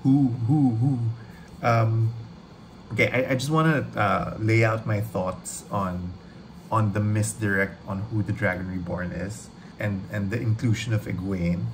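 A man hosting a trailer reaction video, gushing excitedly, rambling and swearing freely. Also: lowish voice, unhurried, noisy background.

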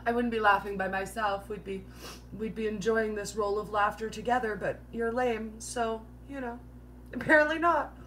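On a casual live keto Q&A, this host's slightly high, a bit bright voice stays fairly even at normal speed, over a faint hiss or hum. She's jokey and chatty, filling her talk with "like" and often laughing at her own teasing quips.

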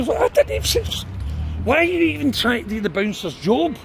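A man's voice: extremely high pitch, big pitch swings, fast, creaky, slight background noise. An older man with a Glaswegian Scottish accent, vlogging on a phone outside a club at night, arguing and swearing in a rambling way. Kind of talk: confrontational street vlog. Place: outdoors on a city street at night.

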